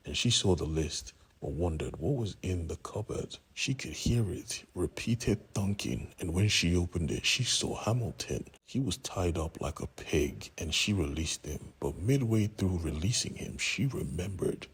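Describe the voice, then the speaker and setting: Very deep husky male narrator. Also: lively intonation, moderate pace, few pauses. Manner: casual, conversational retelling with asides. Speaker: comic recap narrator. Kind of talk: casual story retelling.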